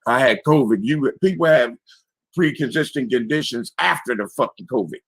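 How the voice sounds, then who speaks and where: A man in his sixties with a raspy, hoarse voice calls in to a panel show and talks bluntly and with lots of swearing. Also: mid-range voice, normal speed, dry recording. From Philadelphia area, US. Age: 60s. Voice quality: raspy, strained voice. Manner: blunt, profane, emphatic. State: hoarse after illness. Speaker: caller on a live panel show. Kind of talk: casual call-in talk.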